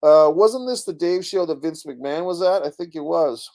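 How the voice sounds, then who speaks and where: A middle-aged man hosts a relaxed live stream, going on about a comedy special and reading the chat's comments aloud. His pitch is fairly high, his pace moderate, and his tone darkish.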